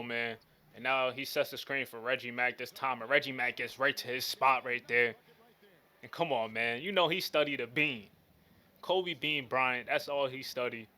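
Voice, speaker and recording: Bright-voiced man calling game action. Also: mid-range voice. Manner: hyped, slangy play-by-play. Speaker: gaming commentator. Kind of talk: casual play-by-play commentary.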